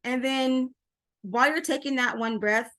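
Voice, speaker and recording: Woman, middle-aged, casual advice to camera, animated, laughs often, repeats phrases. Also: high voice, measured pace. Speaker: parenting coach.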